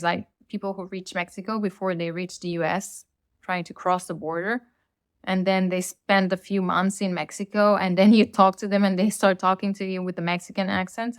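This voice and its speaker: A woman's voice: mid-range voice, clear, resonant tone, no echo. Blunt Latina woman ranting, dry sound. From Latin America. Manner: blunt, opinionated ranting with casual swearing. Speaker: podcast host. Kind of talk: solo rant podcast.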